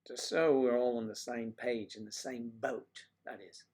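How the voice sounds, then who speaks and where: A man hosts a casual livestream and talks straight to his viewers. His delivery is playful and rambling, full of teasing asides. His voice sits at an ordinary, middle pitch. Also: steady tone, moderate pace, darkish tone, slightly rough. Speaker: livestream host.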